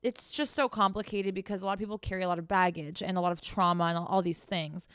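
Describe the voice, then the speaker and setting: A woman's voice: fairly low pitch, fairly even intonation, fast, a bit bright, smooth, no echo, studio quality. A young woman giving blunt, profane, sarcastic motivational advice as a self-help podcast host.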